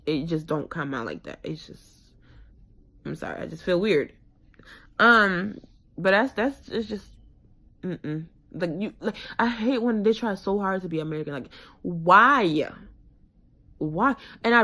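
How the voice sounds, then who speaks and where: Young woman, from west africa, slightly low voice, casual frank vlog talk, lots of fillers. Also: gravelly. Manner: chatty, rambling, frank, with slang fillers. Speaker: vlogger. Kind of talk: casual chat to camera.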